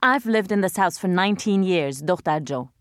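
A bitter, sharp-tongued older housewife, as a female narrator puts her on, full of mocking scorn and accusation. The voice sits a step above the narrator's low register. The sound is close and dry, with no room around it. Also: expressive, normal speed, no echo, natural voice. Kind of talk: audiobook character voice.

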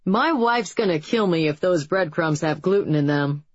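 A woman's voice: lowish voice, animated, normal speed, no echo, dull audio. A woman voicing an upbeat, joking male reality TV host with a breezy, wry delivery.

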